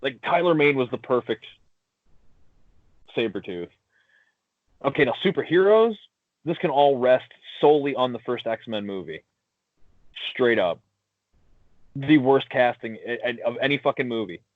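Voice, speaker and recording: A man's voice: medium pitch, a little slow, long pauses, dry recording. Blunt, profane man on a podcast. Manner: profane, blunt opinions, animated. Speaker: podcast co-host. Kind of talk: casual chat. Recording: dull lo-fi sound, dry.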